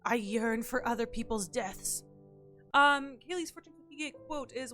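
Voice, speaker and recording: Bright, playful woman streaming a game. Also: a little high, a little slow, faint music behind. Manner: playful, joking, animated. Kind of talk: casual live-stream chat. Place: home streaming setup.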